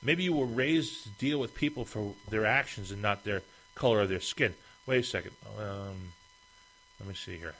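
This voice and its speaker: A man's voice: on the low side, normal speed, fairly bright tone, low-quality recording. A man hosting an opinion monologue, speaking emphatically and firing off rhetorical questions.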